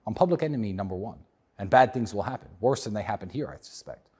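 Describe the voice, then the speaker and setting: A man with a British accent, talking as a guest in an interview in a measured, reflective and outspoken way. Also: on the low side, expressive, darkish tone, husky. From England. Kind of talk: casual interview talk.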